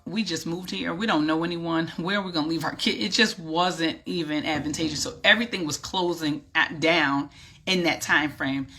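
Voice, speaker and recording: A middle-aged woman tells her own story to the camera in a casual vlog. Her voice is bright and ringing. She speaks in a lively, animated way, like she's chatting with friends. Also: sits low. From New York. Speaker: vlogger and business coach.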